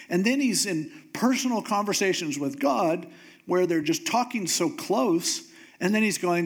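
This pastor has a high voice and a measured pace. He preaches a casual, conversational sermon with informal phrasing, animatedly retelling a story and acting out the voices of God and Moses.

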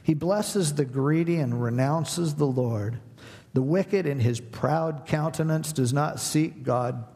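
Male pastor, conversational Bible teaching, gravelly voice, long hall echo. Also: a little high, slow pace, dark tone. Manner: paraphrases scripture in a casual, questioning voice.

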